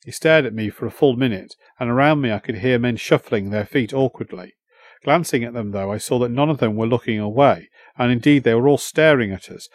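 This is a man narrating an audiobook in the first person, his voice middle-pitched, even and measured. Nothing of the room comes through; the recording is close and dry.

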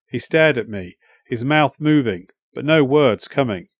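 A man reading a first-person story as an audiobook narrator, in measured storytelling. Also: mid-range voice, expressive, breathy edge, no room sound, studio quality.

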